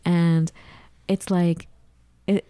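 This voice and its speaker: Woman host, mellow low voice, playful and gushing, casual kitchen chat. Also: flat delivery, very slow, smooth, dry recording. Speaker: co-host of a talk show. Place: home kitchen.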